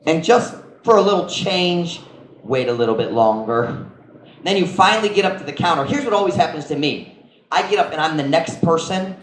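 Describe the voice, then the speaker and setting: A man's voice: high voice, reverberant, a little hiss or hum, rough recording. An American man preaching a sermon as pastor, telling stories in a chatty way and mixing in Cebuano phrases. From United States. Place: church.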